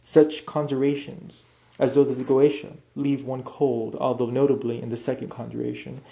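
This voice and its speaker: A man reading an esoteric book aloud as an audiobook, measured and deliberate, now and then stumbling and restarting a word. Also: mid-range voice, flat delivery, creaky, mellow. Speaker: audiobook reader. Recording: roomy, echoey room sound.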